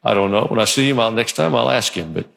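A man's voice: on the low side, fast talker, creaky, a bit bright. A male pastor preaching a sermon in church, in a conversational, joking manner. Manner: conversational and joking, acts out quotes.

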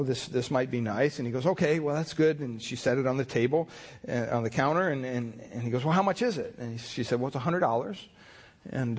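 A man pastor preaching a sermon in a folksy, storytelling way, acting out the people in his anecdotes. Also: medium pitch. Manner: folksy storytelling with many restarts and voiced quotes.

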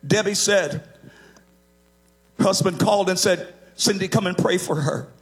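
A man's voice: high-pitched, measured pace. A man preaching a sermon, emphatic and sometimes lifting his lines into a half-sung cadence.

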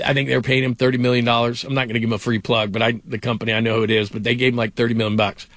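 A man's voice: mid-range voice, little pitch movement, racing, fairly bright tone, no echo, clean studio sound. A middle-aged man hosting a sports radio show, telling stories with many "like" fillers. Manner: rambling storyteller, many "like" fillers. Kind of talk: casual sports talk.

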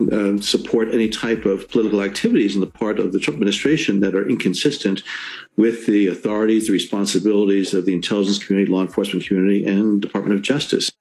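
A man giving measured, formal commentary as a guest in a news clip, speaking deliberately with pauses. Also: lowish voice, a little mellow, low-quality recording.

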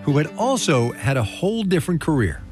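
A middle-aged male radio host with a slightly raised, very animated voice. He narrates business stories and jokes easily with his guests. There is faint music in the background. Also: fairly high pitch. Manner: lively, joking, quick asides. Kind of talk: public radio reporting and interviewing.

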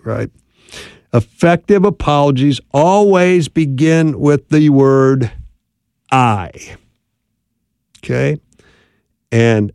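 A man's voice: mid-range voice, slow, long pauses, a little mellow, clear, resonant tone, no echo, clean studio sound. A man teaching about apologies in marriage, in a conversational style with frequent tag questions. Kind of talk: instructional talk on marriage.

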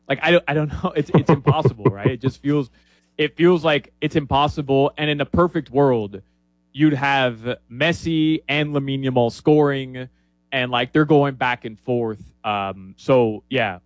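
A man giving casual soccer betting picks as a podcast guest, animated and rambling, with frequent restarts and fillers. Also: mid-range voice, no echo. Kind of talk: casual sports podcast chat. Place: Miami.

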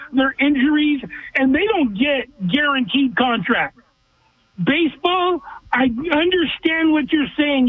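A male caller to a sports radio show with a very high voice, coming through a tinny, dry phone line. He is blunt and forceful as he runs through his points. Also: no echo. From Southern California. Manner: blunt, emphatic ranting. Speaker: regular caller. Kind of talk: call-in sports talk radio.

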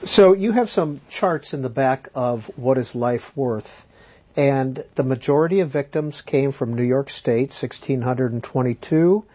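A man's voice: mid-range voice, unhurried, dark tone, husky. A man interviewing a guest with short, direct questions, heard on dull lo-fi audio.

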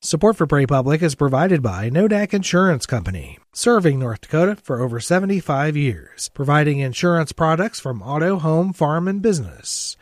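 A male station announcer reading sponsor and event messages in a crisp, lively way. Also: on the high side, no echo, studio quality.

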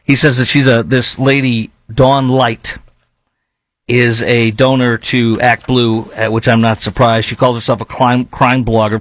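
A man's voice: medium pitch, rough recording. A man with a Chicago accent hosting a blunt, scornful opinion commentary, rambling with fillers between points. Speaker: commentary host.

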